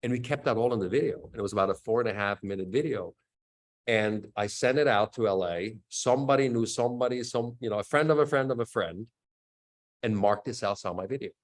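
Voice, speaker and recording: A man in his fifties, an action actor guest, telling stories in a lively way, acting out sound effects and often laughing as he talks. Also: medium pitch, a little fast. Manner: animated storyteller acting out quotes and sound effects. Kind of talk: casual storytelling interview.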